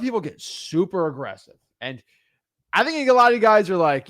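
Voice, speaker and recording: A man who lives in Florida teaching real estate wholesaling in a blunt, energetic, casual way, repeating himself often. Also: sits high, normal speed, dry recording, clean studio sound.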